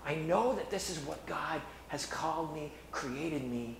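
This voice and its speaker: A middle-aged man preaching with earnest conviction, stumbling and restarting as he goes. His voice sits a little high for a man. The room is echoey, with faint ambience behind him. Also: expressive, vocal fry, a little hiss or hum. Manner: earnest, halting with many restarts. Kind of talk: sermon.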